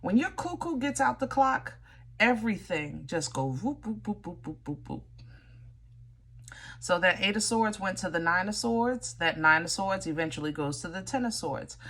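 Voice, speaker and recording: A woman's voice: fairly low pitch, fairly bright tone. Chatty woman giving a tarot reading. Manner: chatty, direct and teasing, with frequent "you know?" and "okay?". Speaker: tarot reader. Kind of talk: casual tarot reading to viewers.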